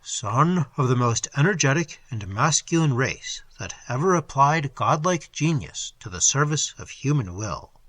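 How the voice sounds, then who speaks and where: A man voicing a mysterious, calm foreign sage who speaks in a solemn, measured, archaic way. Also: mid-range voice, no echo. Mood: ominous. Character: mysterious foreign male sage, deep-voiced, calm, ominous.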